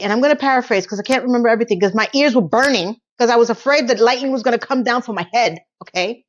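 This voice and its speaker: A woman retells a TV episode in a casual, animated way, playing out the scenes as she goes. Her voice sits a little high. The sound is slightly dull and lo-fi. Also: fast talker, hardly any pauses. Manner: animated storytelling, breaks into laughter. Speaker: recap host. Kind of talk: casual TV recap commentary.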